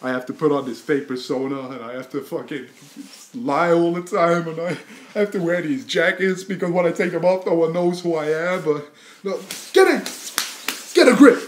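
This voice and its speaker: A man playing a brash, boastful young London wannabe rapper in an improvised comedy rant, swaggering and crude, with a put-on London accent and sudden shouts. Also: a little high, fairly even intonation, normal speed, natural voice. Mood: aggressive.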